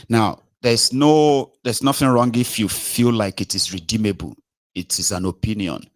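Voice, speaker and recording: A Nigerian man with a Nigerian accent and a low-pitched voice delivers a political monologue as its host. He argues with force, circles back on his points and keeps asking the listener whether they follow. The sound is dry, with no room in it. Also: fairly bright tone, dry recording. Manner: emphatic, argumentative, repeats rhetorical questions to the listener.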